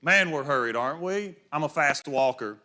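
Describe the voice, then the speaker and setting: A man's voice: fairly high pitch, lively intonation, normal speed, sharp tone. A middle-aged man preaching a sermon in a church, telling stories and acting out voices in quotes. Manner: storytelling, acts out voices in quotes.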